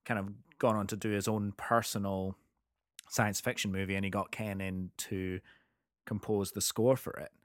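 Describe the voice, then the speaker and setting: A man co-hosting a podcast, introducing the guest in a measured, explanatory way. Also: lowish voice, little pitch movement, dry recording, studio quality. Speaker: podcast co-host. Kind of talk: casual interview chat.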